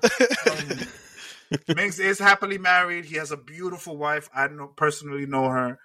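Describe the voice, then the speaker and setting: A man's voice: a little high, normal speed, bright, forceful tone. A man hosting a podcast, joking and teasing and laughing with his guests. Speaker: podcast host. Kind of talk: casual chat.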